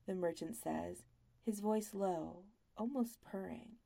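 A woman narrating an audiobook in a measured, low-key storytelling manner. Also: gravelly, dark tone, no echo.

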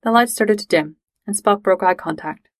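A woman reading fan fiction aloud in a steady, measured storytelling voice. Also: medium pitch, dry recording. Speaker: reader.

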